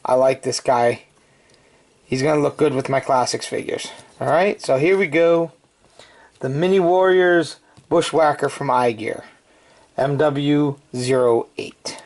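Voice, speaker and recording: A man's voice: medium pitch, unhurried, darkish tone. A man chatting casually through a toy review, with joking asides.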